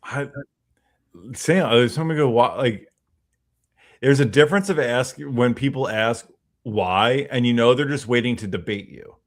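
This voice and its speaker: A man's voice: mid-range voice, a little slow. Easygoing reflective man chatting. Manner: reflective, easygoing, swears casually. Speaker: podcast host. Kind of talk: casual live-stream chat.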